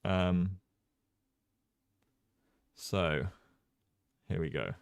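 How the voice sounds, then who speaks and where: Brief: relaxed, low-voiced man hosting a casual chess livestream, lots of ums, dry close sound. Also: extremely slow, vocal fry, smooth, no room sound. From Jersey. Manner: relaxed, chatty, many ums, reads chat aloud. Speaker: chess streamer and commentator.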